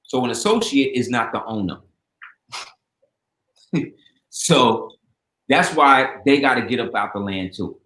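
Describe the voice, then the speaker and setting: A man's voice: mid-range voice, a little slow, long pauses. A man speaking as a guest in casual storytelling talk, acting out the voices of people in his stories. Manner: animated storyteller, acts out quoted voices. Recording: roomy echo.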